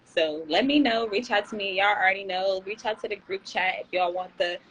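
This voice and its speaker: Animated young woman chatting on a livestream. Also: mid-range voice, fairly quick, slight background noise, rough recording. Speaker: tarot channel host. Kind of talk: casual livestream chat.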